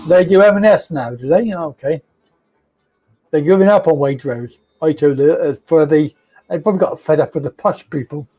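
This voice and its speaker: A man with a high voice hosts a comedy phone-in. He teases his callers and laughs a lot as he talks. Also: moderate pace, dark tone. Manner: laughs often, jokey and teasing. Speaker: host.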